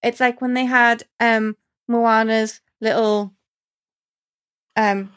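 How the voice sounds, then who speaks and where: A woman's voice: on the high side, fairly even intonation, slow, a bit bright. Enthusiastic chatty woman. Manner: enthusiastic, acts out quotes in voices. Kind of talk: casual chat.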